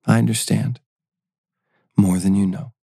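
A patient, mysterious female guide who speaks calmly and cryptically, as a male narrator voices her. The voice is low and mellow with some gravel in it. The sound is dry and close, a storybook read. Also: measured pace, no echo, heavily acted. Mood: gentle. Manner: calm, gentle, cryptic. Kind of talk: audio drama reading.

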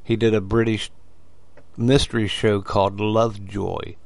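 A man's voice: lowish voice, level tone, unhurried, vocal fry, no room sound. A man who hosts his own radio show, chatting easily as a podcast guest. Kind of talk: casual chat.

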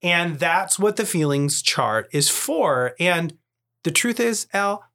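A man's voice: a little high, very animated, slow, bright, forceful tone. A middle-aged man hosting a podcast, chatting casually, joking about himself and acting out what people said. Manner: chatty, self-deprecating, acts out quotes. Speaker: podcast host. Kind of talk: casual conversation.

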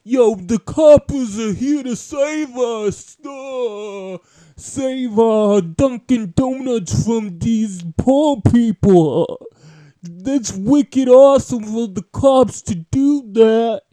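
A man putting on a loud brash Boston bro. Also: very high-pitched, extremely slow, pitched above the performer's own voice, full character voice. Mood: boisterous. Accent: Boston, put on. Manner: shouting, boisterous. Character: loud brash male Boston cop fan.

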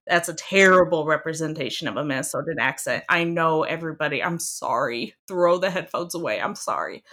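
Brief: young woman, guest in a casual chat, emphatic and lively, slightly low voice. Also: a little fast, few pauses. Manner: animated, emphatic, laughs often.

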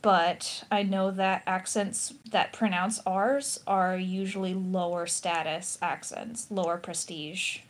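A woman's voice: on the low side, fairly even intonation, slow, hardly any pauses. An American woman in casual discussion, analytical and thinking aloud with restarts and fillers. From United States. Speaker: podcast co-host.

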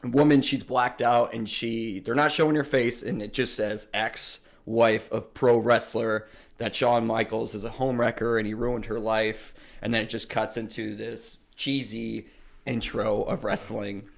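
A man's voice: lowish voice, little pitch movement, a little slow, vocal fry. A man hosting a podcast in casual chat, rambling and profane with many fillers. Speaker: podcast host.

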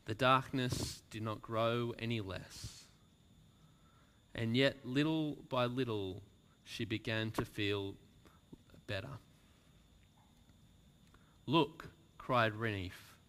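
Pastor preaching slow n deliberate, bright crisp voice, goes real soft for emphasis. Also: male voice, mid-range voice. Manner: slow, deliberate, dropping to near whispers for emphasis. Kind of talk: sermon with a read-aloud story.

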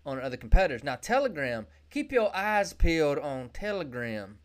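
This is an excitable host talking alone on a business podcast, full of jokes and tangents. The host speaks straight to the listener in a salesy tone and sometimes whoops out loud. The voice sits at a medium pitch. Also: normal speed. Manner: excitable, joking, rambling, with sudden whoops. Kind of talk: solo business podcast monologue.

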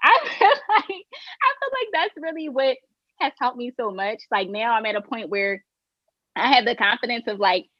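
A woman's voice: fairly high pitch, lively intonation, normal speed, dry recording, lo-fi sound. A woman guest on a casual podcast, upbeat and emphatic, saying "like" and "okay" a lot.

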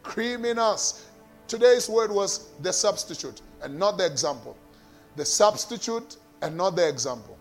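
Man, pastor, sermon, very high voice, call-and-response, shouted and sung lines, faint background music. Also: animated, unhurried. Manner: repeats key phrases, calls on the congregation to respond; swings between loud shouting and quiet, sung lines.

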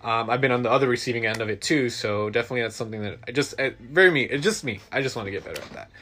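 A man co-hosting an easygoing podcast. He speaks hesitantly and thinks out loud, with frequent pauses, filler sounds and restarts as he reflects. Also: mid-range voice, expressive. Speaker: podcast co-host. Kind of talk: casual chat.

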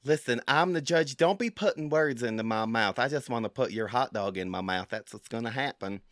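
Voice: mid-range voice, fairly quick, fairly bright tone, no room sound, studio quality, lightly acted. Someone playing a flirty, bawdy woman judge. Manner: camp, teasing, bawdy banter. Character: flirty, scatterbrained woman cooking-show judge. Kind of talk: improvised comedy role-play.

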